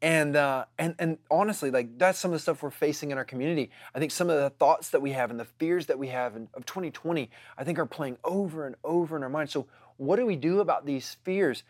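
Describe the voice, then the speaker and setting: A man's voice: a little high, fast, hardly any pauses, no room sound, clean studio sound. A man telling a casual story to his congregation, chatty and full of fillers.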